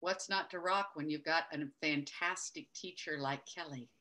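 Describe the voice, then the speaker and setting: A woman guest on a live stream, a psychic reader who speaks in an earnest, warm way. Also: low-pitched, normal speed, slight background noise. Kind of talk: casual live-stream chat.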